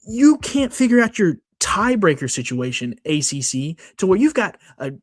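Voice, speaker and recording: Guy on a podcast getting all fired up ranting, voice a bit on the high side. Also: normal speed. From Texas. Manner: worked-up, animated ranting. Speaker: podcast co-host. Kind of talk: casual sports rant.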